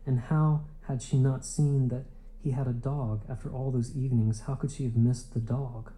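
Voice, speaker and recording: Man narrating, dark mellow voice. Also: medium pitch, fairly even intonation, normal speed, poor audio. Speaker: audiobook narrator. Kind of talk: literary audiobook narration.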